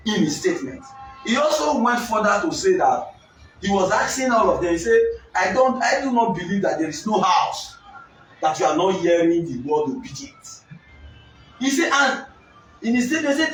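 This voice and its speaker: A man's voice: sits high, very animated, normal speed. Emphatic man in an echoey room. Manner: emphatic, often shouting, stretching words for stress. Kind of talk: political discussion. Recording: echoey room, voice from far off, faint music.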